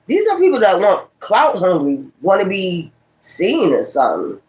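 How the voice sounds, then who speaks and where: Profane man ranting, high voice. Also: huge pitch swings, normal speed. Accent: Brooklyn, New York. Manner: profane, combative, scolding. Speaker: tarot reader. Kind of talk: casual tarot livestream rant.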